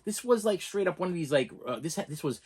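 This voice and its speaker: A middle-aged man hosting a casual movie unboxing video, talking in a rambling, excitable way and often repeating words and restarting his sentences. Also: high voice, fast, husky. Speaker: movie unboxing channel host.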